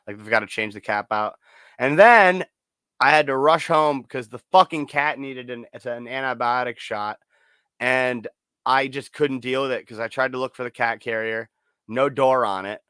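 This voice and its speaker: A man co-hosting a casual podcast, telling a story in an animated, heavily profane way. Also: medium pitch, clean tone, no echo. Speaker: podcast co-host. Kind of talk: casual chat.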